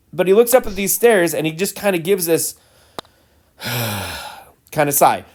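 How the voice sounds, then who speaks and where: A man with a fairly high voice talks over his own gameplay footage. He rants in an exasperated, animated way, with his pitch leaping up and down as he complains. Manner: exasperated, animated ranting with sighs and laughs. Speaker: gaming channel host. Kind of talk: casual ranting gameplay commentary.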